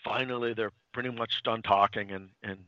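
A man's voice: fairly low pitch, fairly quick, no echo, highs cut off. A man casually recapping a comic book plot on a podcast, rambling with restarts and acting out lines. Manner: animated, dips into quoted character lines. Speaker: podcast co-host.

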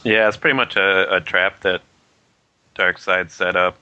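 A man casually discussing a comic book issue, rambling and halting with many fillers. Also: low-pitched, fairly even intonation, pushed and bright, dry recording, lo-fi sound. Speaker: comic book podcast co-host.

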